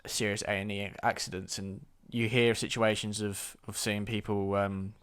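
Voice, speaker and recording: A man's voice: fairly low pitch, flat delivery, normal speed, a bit bright, clean tone. A young man telling a story to camera, blunt and exasperated, swearing freely. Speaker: vlogger. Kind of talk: storytime vlog.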